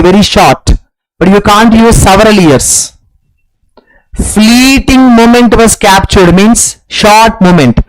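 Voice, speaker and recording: A man's voice: high voice, no echo, low-quality recording. A man with an Indian English accent teaching an online exam-prep English lesson, repeating key phrases and explaining each answer with emphasis.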